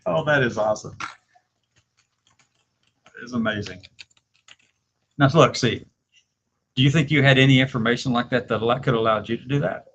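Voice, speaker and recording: A man hosting a casual video, laughing often and slowly dictating his words as he types. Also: medium pitch, fairly bright tone, husky, muffled recording. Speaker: video host. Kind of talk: casual chat while typing.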